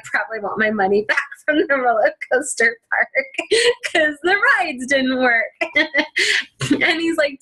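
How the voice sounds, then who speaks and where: Animated, slightly high-pitched woman telling a story. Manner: animated, laughs often, acts out dialogue. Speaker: self-help speaker. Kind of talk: personal storytelling monologue.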